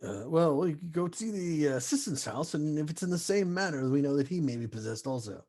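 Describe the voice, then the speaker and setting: A man playing a tabletop game, halting and stumbling over his words. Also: on the high side, animated, dark tone. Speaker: player. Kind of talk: casual tabletop play.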